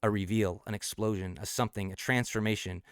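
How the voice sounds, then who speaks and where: A man with a fairly low voice talks loosely on a late-night stream, thinking aloud as he unpacks his own song lyrics. He stumbles, restarts and breaks into easy laughs. The sound is dry and close, with no room echo. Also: fairly even intonation, fairly quick, smooth. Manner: rambling and thinking aloud, with many restarts and self-corrections; laughs easily between explanations. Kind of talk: casual late-night livestream talk.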